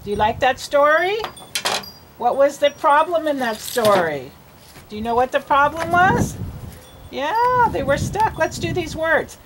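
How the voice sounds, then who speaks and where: A woman's voice: high voice, very animated, measured pace, background noise. A woman reading teacher giving a patient one-on-one reading lesson, sounding out words and coaxing a child along.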